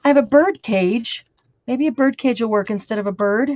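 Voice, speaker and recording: A woman's voice: on the high side, moderate pace, a little mellow, no echo, highs cut off. Chatty woman crafting at home. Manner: chatty, hums and half-sings a nursery tune. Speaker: craft show host. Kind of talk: casual chat while crafting.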